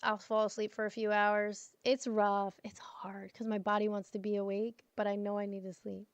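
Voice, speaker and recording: A woman's voice: mid-range voice, little pitch movement, normal speed, no echo. A tired woman in her thirties chatting casually to friends on a livestream, affectionate and swearing freely.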